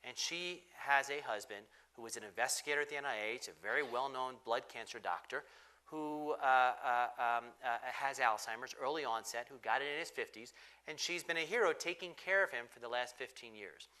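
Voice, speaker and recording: A man speaks as a doctor on a forum panel. His voice is bright and forceful at an average pitch, and he pushes his explanations along emphatically. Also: brisk. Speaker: physician panelist. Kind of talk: panel discussion.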